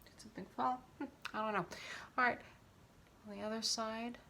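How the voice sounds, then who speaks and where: A woman's voice: a little high, a little fast, vocal fry, a little hiss or hum. A woman chatting casually through a makeup tutorial at home, talking while she applies it. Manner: chatty, relaxed, talks while applying makeup.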